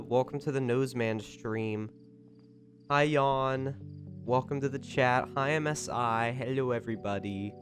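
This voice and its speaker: A young adult man chats casually on a live stream, greeting viewers by name and erupting into loud, excited thanks. He's getting over a cold, and his voice sits at a medium pitch.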